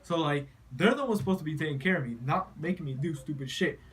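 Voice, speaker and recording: Young man, slightly high voice, casual storytelling, rambling, swears a lot. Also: quick pace, fairly bright tone, slight background noise. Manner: rambling, profane, frequent "you know" and "like". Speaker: vlogger.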